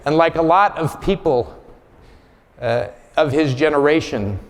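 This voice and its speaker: A man's voice: fairly high pitch, animated, measured pace. A man giving a conference keynote, telling a personal story in a candid, blunt way. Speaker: conference speaker. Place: large conference hall. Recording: long hall reverb.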